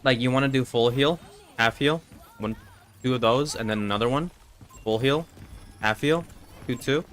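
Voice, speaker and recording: A man's voice: medium pitch, fairly bright tone, a little hiss or hum. A congested man streaming a game, chatting casually and rambling with lots of fillers as he checks in with viewers over a filtered desk microphone. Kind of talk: casual live-stream chat. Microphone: desk microphone with noise filter.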